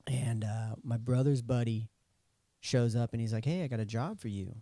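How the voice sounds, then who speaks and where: A man's voice: medium pitch, normal speed, dark tone, dry recording. A young adult man telling a personal story as a podcast guest, acting out the dialogue in it. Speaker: podcast guest, recording artist. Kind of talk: casual storytelling interview.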